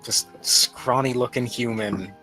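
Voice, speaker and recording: Male game master, bright tone, light music bed, easygoing and laughing. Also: mid-range voice, steady tone, unhurried, poor audio. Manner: laughs often, playful narration. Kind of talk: narrating a tabletop game.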